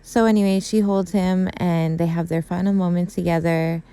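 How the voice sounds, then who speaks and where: Gushing young woman with a mellow voice. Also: fairly low pitch, fairly even intonation, moderate pace, clean tone. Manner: gushing and emotional, heavy use of "like" and "super". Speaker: YouTuber recapping a TV episode. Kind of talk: casual recap chat.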